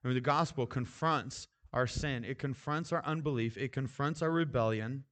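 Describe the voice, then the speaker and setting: A man's voice: medium pitch, normal speed, fairly bright tone. Man preaching in a casual, conversational way. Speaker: pastor. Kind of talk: sermon.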